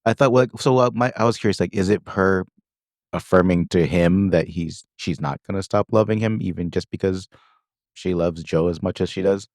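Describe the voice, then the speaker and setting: Speaking at a moderate pace in a low, darkish voice, this co-host chats casually through a film's story with plenty of fillers and quoted dialogue. The studio sound is clean, with no echo.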